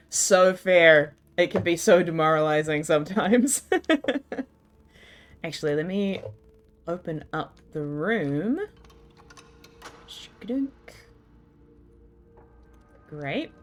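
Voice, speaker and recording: A young woman from New Zealand with a New Zealand accent that slips toward American R's, chatting and giggling with her chat as she streams a game. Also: fairly low pitch. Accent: New Zealand, with some American-sounding R's.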